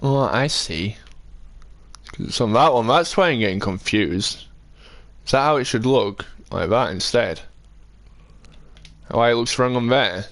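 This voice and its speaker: A young man streaming a building game, chatting in a relaxed way and answering viewers as he works. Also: mid-range voice, a little slow, pauses often, no room sound. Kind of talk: casual live-stream chat while building in a game.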